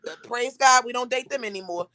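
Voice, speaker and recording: A young woman hosting a casual chat, telling stories with animated, acted-out quotes. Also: a little high, fairly quick, no echo. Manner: animated storytelling, acting out quotes. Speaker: podcast host.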